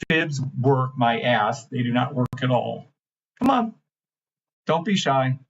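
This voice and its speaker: Livestream host, male, husky voice, brash and mocking, dull lo-fi stream sound. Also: medium pitch. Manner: brash, mocking, profane, swings between shouting and mumbling. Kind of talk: live-stream rant and chart reading.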